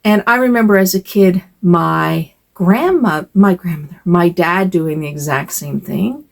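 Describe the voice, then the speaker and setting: Gravelly, low-voiced older woman rambling. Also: measured pace. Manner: rambling, hesitant, with sighs and fillers. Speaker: vlogger. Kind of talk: casual personal chat.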